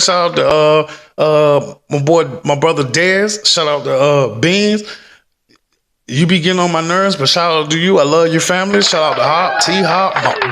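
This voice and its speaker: A man's voice: fairly high pitch, noisy background. A man chatting loosely from a desk at home in a rambling, slangy vlog. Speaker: stock-market vlogger. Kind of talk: casual rambling vlog chat.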